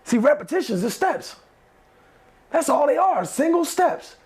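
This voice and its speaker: A motivational speaker with a very high-pitched, very animated voice talks to a class of teenagers at an unhurried pace. He repeats himself emphatically and leads them in call-and-response affirmations.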